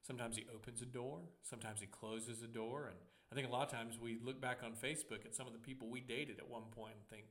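A man's voice: medium pitch, fairly even intonation, fast, hardly any pauses, fairly bright tone. A young adult man, a pastor, preaching a sermon in a conversational way, with humor and personal stories.

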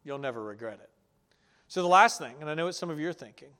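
Male pastor, high voice, sermon, animated, mimics objections, soft earnest asides. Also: fast. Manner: animated, acts out listeners' objections in raised voices; drops to soft, low earnest tone for reassurance.

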